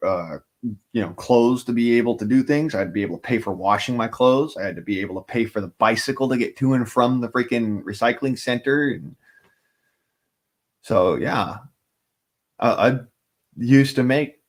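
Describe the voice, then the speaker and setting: A man holds forth on his own livestream in loose, wandering talk. He swears freely and drifts between thoughts, with a voice of middling pitch. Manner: profane, rambling, swears often. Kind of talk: casual rambling livestream talk.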